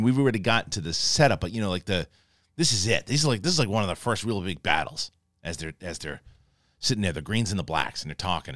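A man hosting a spoiler review of a TV episode, talking excitably, swearing casually and acting out scenes. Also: fairly low pitch, dry recording, studio quality. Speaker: TV review show host. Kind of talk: animated spoiler review talk.

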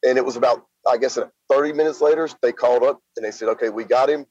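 A middle-aged man from Louisiana, a guest recounting events in a plain-spoken, halting way full of fillers. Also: mid-range voice, darkish tone, dry recording. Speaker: interview guest. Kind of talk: casual spoken storytelling. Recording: slightly dull lo-fi sound.

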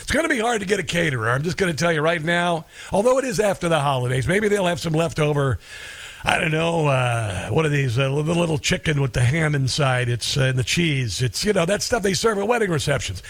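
Male talk radio host, slightly high voice, loose sarcastic monologue with chuckles. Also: lively intonation, brisk, a bit bright. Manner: rambling, sarcastic, chuckles at own jokes.

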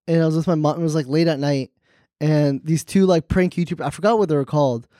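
High-voiced young man, animated podcast chat. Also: fast, dry recording, studio quality. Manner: laughing, animated storytelling with put-on voices. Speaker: podcast co-host. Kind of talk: casual chat.

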